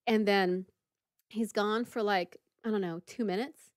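A woman podcast co-host tells a story in casual chat, sprinkling in fillers and acting out the people in it. Her voice sits at a mid pitch. The recording is dry and close, with no room echo. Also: steady tone, measured pace, clean tone.

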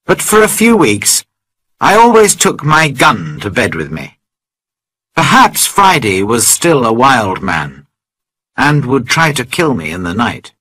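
A man slowly narrating a simple story for English learners, reading clearly and carefully. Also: medium pitch, sharp tone, low-quality recording.

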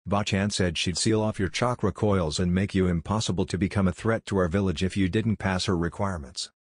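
A man reading the lines of a calm, blunt, blind teenage boy ninja who speaks firmly and commandingly, in a deep, husky voice. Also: brisk, no room sound, clean studio sound.

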